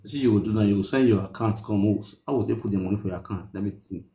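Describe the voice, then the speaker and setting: Man, Nigerian accent, lowish voice, fast talker, echoey room, live stream host, soothing and repetitive. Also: warm tone. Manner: soothing, repeats himself, Nigerian Pidgin. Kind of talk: live-stream chat on speakerphone.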